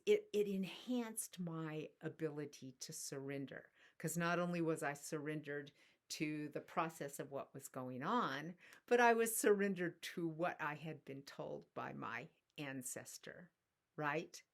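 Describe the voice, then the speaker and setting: A middle-aged woman telling a personal story in a soft-spoken, reflective spiritual talk. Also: low-pitched, unhurried. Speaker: spiritual teacher.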